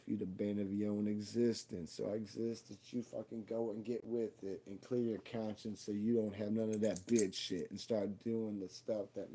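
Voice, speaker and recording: A young man in his twenties performs a spoken-word story with a low, husky voice. His delivery is raw, intense and full of swearing, with a dark tone. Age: 20s.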